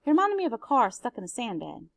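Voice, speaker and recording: A woman, a teacher, reading a novel aloud in a steady, expressive way. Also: fairly high pitch, fast, creaky, no room sound.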